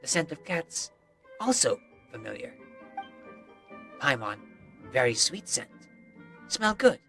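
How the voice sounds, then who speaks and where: A streamer voicing a gruff young wolf-raised boy who speaks in short, broken sentences while playing a game. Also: medium pitch, sing-song, slow, sharp tone, soft background music, pitched below the performer's own voice, heavily acted. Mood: sniffing, content.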